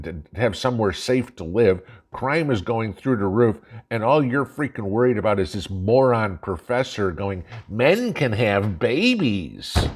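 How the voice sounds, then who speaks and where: A man hosting his own channel, delivering an angry, profane political rant, blunt and mocking. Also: fairly low pitch. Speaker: channel host. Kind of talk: ranting political monologue.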